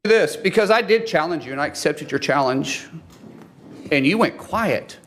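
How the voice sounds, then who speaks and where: A man's voice: on the high side, lively intonation, moderate pace, a bit bright. A man questioning a witness at a hearing, combative and reading quotes aloud. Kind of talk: hearing confrontation.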